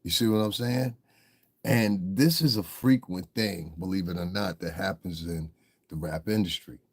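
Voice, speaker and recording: A man's voice: low voice, normal speed, gravelly, slightly rough. Casual livestream host: man, laid-back, chuckles, talks to chat.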